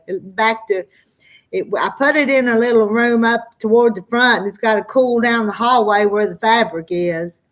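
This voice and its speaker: A middle-aged woman with a Southern drawl, chatting casually with viewers on a live stream and reading out their comments. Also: mid-range voice. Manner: slow drawling, chatty, often laughs. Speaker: farm vlogger answering live chat.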